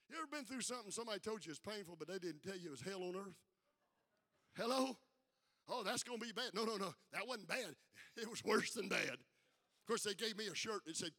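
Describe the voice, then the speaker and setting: An older man preaching a fiery sermon, building from quiet talk to shouted peaks and calling out for responses. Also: sits high. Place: church sanctuary with congregation. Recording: live hall with long reverb.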